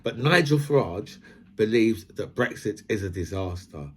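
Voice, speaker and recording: A man's voice: on the low side, animated, measured pace, breathy edge. A man hosts a casual commentary vlog. He rambles and builds his points through analogies, peppering his talk with "right?" and "you know". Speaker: host.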